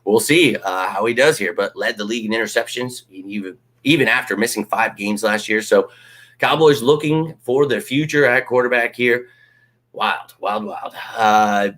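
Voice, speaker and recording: A man hosting a live fan stream, ranting casually, swearing freely and mocking critics. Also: mid-range voice. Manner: animated, ranting, swears freely, mocks critics in put-on voices.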